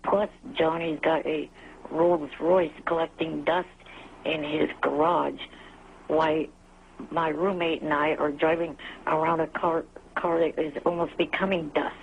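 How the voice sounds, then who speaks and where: Gravelly-voiced man calling in over a muffled phone. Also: on the high side, flat delivery, a little hiss or hum. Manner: aggrieved, halting, complaining. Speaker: caller, show regular. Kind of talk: phone call on a talk show.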